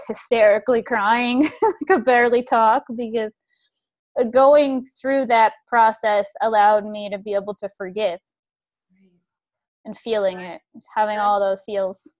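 A woman hosting a conversation, telling a personal story in an earnest, reflective way. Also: on the high side. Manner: earnest and reflective, with frequent restarts.

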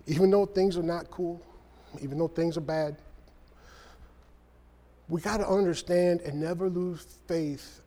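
High-voiced man preaching in a reverberant hall. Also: warm tone. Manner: conversational preaching, acting out quoted voices. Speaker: speaker. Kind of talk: sermon.

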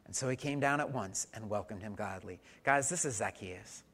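A man's voice: lowish voice, normal speed, a bit bright. A man preaching a conversational sermon, telling stories and asking the congregation questions. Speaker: pastor.

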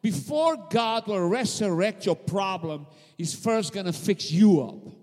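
A man's voice: sits high, expressive, unhurried, a little mellow. A man preaching a fervent sermon in a church, calling on the congregation to answer back. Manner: fervent, repetitive preaching with call-and-response to the congregation. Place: church sanctuary. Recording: long hall reverb.

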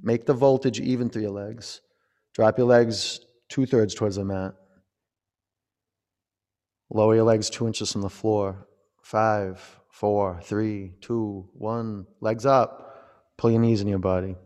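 A young man leading a yoga class, giving calm cues and counting reps aloud. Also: on the low side, a little slow, pauses often. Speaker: yoga instructor.

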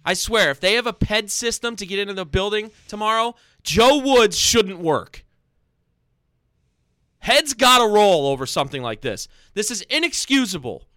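A man in a heated sports rant, shouting and swearing at his team. His voice sits high and swings wildly, with a smooth, sharp tone. The sound is dry and close. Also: lively intonation, no echo. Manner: angry, loud, swearing, fast repeated phrases.

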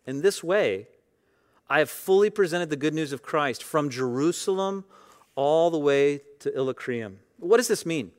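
A man preaching a sermon in a relaxed, chatty way. His voice sits a little higher than most men's. It jumps between hushed asides and loud, emphatic peaks as he makes his points. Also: normal speed. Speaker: pastor.

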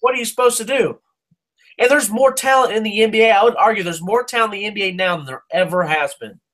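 Man co-host, somewhat higher voice, fired-up sports rants, Midwest feel. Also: a bit bright. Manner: fired-up ranting, swearing, quick restarts. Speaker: podcast co-host. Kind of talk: casual sports talk.

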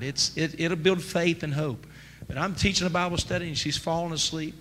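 A man preaching a sermon as pastor, emphatic and rising to near-shouts. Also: on the high side, fairly even intonation, fairly quick. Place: church sanctuary. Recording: church sanctuary with long reverb, faint noise.

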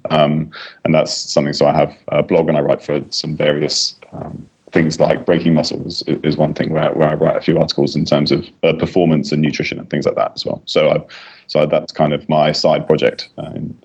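A British man speaks in a very low voice, steady and explanatory with plenty of fillers. He sounds like a doctor guest on a podcast. His audio is dull and lo-fi, as over a remote line. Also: vocal fry, husky. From United Kingdom. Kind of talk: podcast interview.

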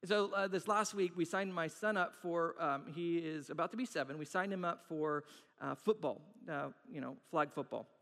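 Male pastor, 30s, playful self-mocking preacher, high voice, church hall echo. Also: moderate pace, fairly bright tone. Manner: playful, self-mocking storytelling with acted-out quotes. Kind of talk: sermon. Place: church sanctuary. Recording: long hall reverb.

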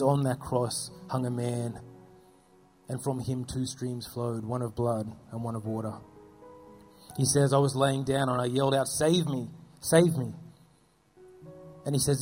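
A man telling earnest faith stories as an interview guest, dropping his voice low at solemn moments. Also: a little mellow. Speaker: guest speaking about persecuted churches. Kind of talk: storytelling testimony.

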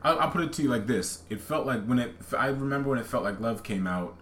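A man's voice: medium pitch, lively intonation, fast talker, a bit bright, reverberant, slight background noise. A man co-hosting a podcast, talking casually about films and often hesitating and starting over. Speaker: podcast co-host. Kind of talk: casual film chat.

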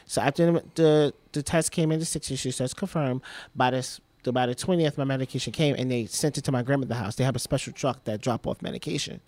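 A man's voice: mid-range voice, steady tone, fast, a little mellow, no echo. Rambling, candid man telling his story. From Trinidad. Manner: rambling, repeats himself, heavy use of "like". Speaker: guest.

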